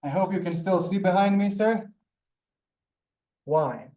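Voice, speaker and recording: A man teaches a beginner language lesson in front of a board, speaking over a video call. His voice sits a little high and he takes his time, stretching each word and exaggerating its sounds so students can copy them. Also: dark tone. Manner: drawn-out, exaggerated pronunciation of words. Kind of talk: live online beginner lesson.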